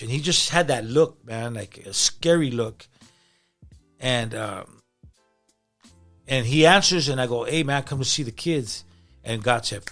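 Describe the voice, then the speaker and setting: A pastor telling his story in a casual interview, animated and slangy as he talks. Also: medium pitch. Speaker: pastor and podcast guest.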